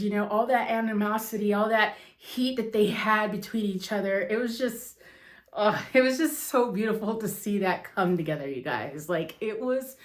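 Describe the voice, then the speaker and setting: Gushing woman wrestling fan, echoey room. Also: medium pitch. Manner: gushing, emotional, says "you guys" and "oh my gosh" a lot. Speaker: wrestling vlogger. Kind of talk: excited casual chat to camera.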